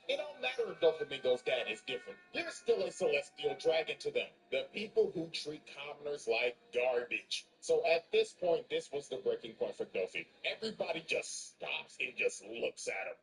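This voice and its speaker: Crude, animated young man telling a story. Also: fairly high pitch. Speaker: gaming video narrator. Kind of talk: comedic story recap.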